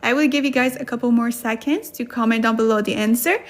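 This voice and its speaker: Chatty high-voiced woman teaching live. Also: fast talker. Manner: chatty, laughs often, reads out viewer comments. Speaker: livestream Korean tutor. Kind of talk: casual livestream lesson.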